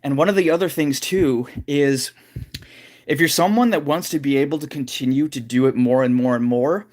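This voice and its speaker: A man's voice: medium pitch, moderate pace, darkish tone. A man at home giving a casual livestream vocal lesson, talking in loose, rambling sentences full of fillers. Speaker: vocal coach streaming live.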